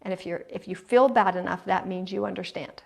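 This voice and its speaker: A middle-aged woman host talking earnestly and confessionally to listeners about her own life, sometimes dropping to a soft hush. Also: medium pitch, a little fast, creaky. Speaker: podcast host. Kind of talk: heartfelt personal talk to listeners.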